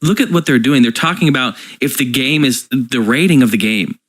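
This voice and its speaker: A man's voice: mid-range voice, brisk, a bit bright. A man co-hosting a casual chat, talking in a reflective, rambling way with lots of asides. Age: adult. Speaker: podcast co-host.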